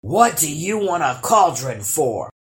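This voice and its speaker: A woman's voice: deep voice, very animated, unhurried. A woman voicing a second male troll in a storybook, grumbling and greedy.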